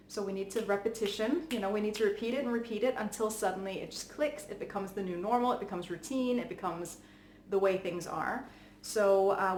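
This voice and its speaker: A woman giving parenting advice in a calm, earnest, chatty way, with frequent fillers. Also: medium pitch. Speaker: parenting coach. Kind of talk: casual advice talk to camera. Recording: echoey room with faint background noise.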